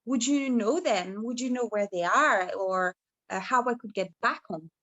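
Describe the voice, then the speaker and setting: Girl doing a posh pampered lady dog, high voice, kinda fretful and prim. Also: normal speed, a bit bright. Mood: pleading. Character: pampered young female dog, polite and prim.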